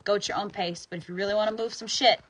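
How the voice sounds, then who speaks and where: A woman's voice: mid-range voice, fairly even intonation, very fast, fairly bright tone, slight background noise, rough recording. A woman guiding an EFT tapping session, talking informally, sighing on the exhales and sometimes pressing hard for emphasis.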